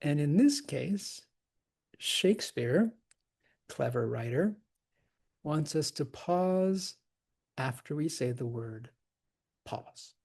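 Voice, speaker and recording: Husky guy teaching shakespeare scansion, slow and chatty, laughs a lot, counts out the stresses. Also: on the high side, animated, darkish tone. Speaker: acting teacher. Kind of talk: scansion lesson.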